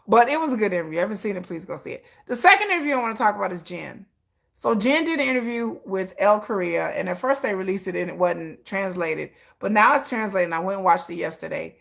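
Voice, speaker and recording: A woman hosts a laid-back commentary chat in a mid-pitched voice. She gushes and gets excitable, restarting her sentences often as the thoughts tumble out. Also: quick pace, creaky. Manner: gushing and excitable, with many restarts and laughs. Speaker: K-pop commentary host. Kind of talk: casual chat.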